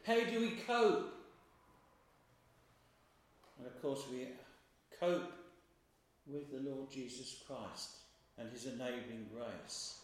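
A man preaching a sermon in a slow, measured way, stressing key words with emphasis. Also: mid-range voice, animated. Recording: very echoey room, voice from far off.

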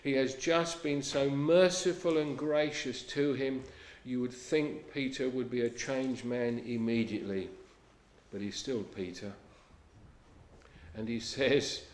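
In a reverberant space, a man delivers a sincere sermon in a medium-pitched voice with fairly even intonation and a measured pace. He reads scripture in old-fashioned English and softens to a hush on key lines.

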